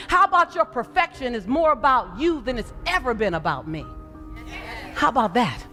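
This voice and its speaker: A woman's voice: fairly high pitch, sing-song, moderate pace, sharp tone, faint music behind. A woman giving a passionate motivational speech to a live audience, with preaching emphasis that swells and drops. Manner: preaching, rising and falling emphasis. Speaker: motivational speaker.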